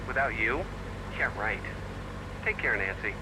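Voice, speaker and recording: An actor playing a relaxed, wry young man talking on a phone call in a game. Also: fairly low pitch, measured pace, very noisy.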